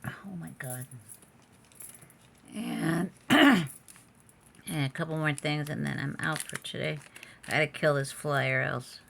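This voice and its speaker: Her voice is deep, slow, and creaky, a bit bright, with frequent pauses and a little hiss or hum on the audio. She's an online jewelry seller vlogging casually from a room at home with the door open, chatty and prone to muttering and exclamations.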